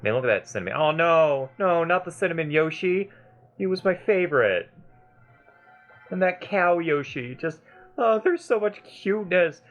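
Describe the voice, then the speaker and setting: A man hosting a let's play, giving excitable, gushing game commentary and swearing casually. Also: sits high, normal speed, muffled recording, soft background music.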